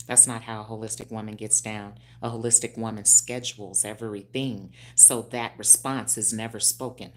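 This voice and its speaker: A woman in her fifties, a hairstylist speaking on a phone livestream, animated and preachy with frequent laughs. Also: a bass voice, a little fast, hardly any pauses, a little hiss or hum. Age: 50s. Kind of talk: casual livestream talk.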